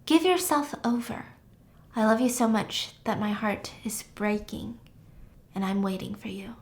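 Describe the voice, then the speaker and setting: A woman voicing a male cult leader who gives a soft, slow, persuasive speech. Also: medium pitch, close to an everyday voice. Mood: hypnotic. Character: calm cult leader, a man giving a soft sermon.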